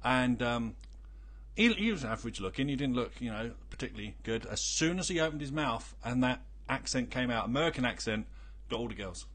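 A man's voice: medium pitch, expressive, fairly quick, fairly bright tone. A man with a British accent co-hosting a radio show, joking and teasing in casual banter. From Britain. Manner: teasing, dry, laughs between lines. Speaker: radio co-host.

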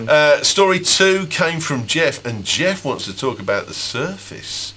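A man's voice: on the high side, sing-song, a little slow, bright, forceful tone, a little hiss or hum. A man hosting a casual tech chat, joking and stumbling through many fillers. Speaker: podcast host.

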